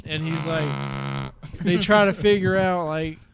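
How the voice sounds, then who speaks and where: A man's voice: fairly high pitch, slow pace, gravelly. A man co-hosting a casual movie podcast, retelling scenes in a loose, rambling way. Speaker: podcast co-host.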